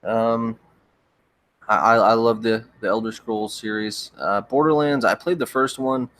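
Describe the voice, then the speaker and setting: Laid-back young man, low dry voice. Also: a little slow, no echo. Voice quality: relaxed, rambling with frequent stammered restarts. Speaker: livestream host. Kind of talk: casual chat reading viewer comments.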